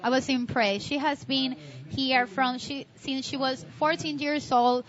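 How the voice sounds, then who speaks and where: A woman co-commentating live at a contest, enthusiastic and with halting second-language phrasing. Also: sits high, steady tone. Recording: dull lo-fi audio with faint noise.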